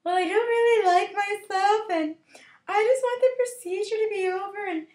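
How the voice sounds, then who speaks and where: A woman mocking an insecure, self-pitying teenage girl heroine in a whiny, drawn-out voice. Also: very high voice, a little mellow, echoey room, pitched above the performer's own voice.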